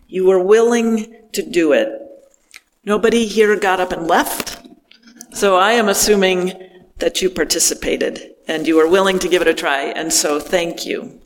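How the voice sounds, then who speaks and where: A man preaching a reflective sermon, speaking gently with pauses between phrases. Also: sits high, gravelly, long reverb tail, a little hiss or hum.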